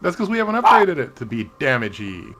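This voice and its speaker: A man's voice: a little high, sing-song, fairly quick, very noisy. A man co-hosting a let's play, matter-of-fact and self-deprecating. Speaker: co-host.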